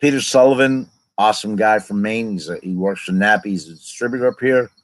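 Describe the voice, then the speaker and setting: A man in his fifties tells a long personal story in a casual, unscripted way. His voice sits a little low, and he wanders through side stories before returning to the main thread. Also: fairly quick, rough recording. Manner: rambling, digressive personal storytelling. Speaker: vlogger telling his own story.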